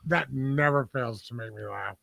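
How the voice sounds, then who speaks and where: A man's voice: medium pitch, normal speed, creaky, pushed and bright, no room sound. A man, chatting as a podcast guest in a rambling, laid-back way, laughing often. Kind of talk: casual chat.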